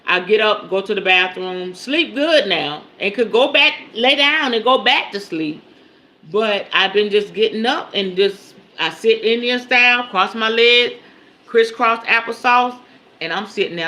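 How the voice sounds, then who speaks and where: A woman's voice: medium pitch, bright, forceful tone. A woman giving a spiritual teaching on a livestream, chatting conversationally with her audience and repeating her key points for emphasis. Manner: conversational, often checks in with the audience.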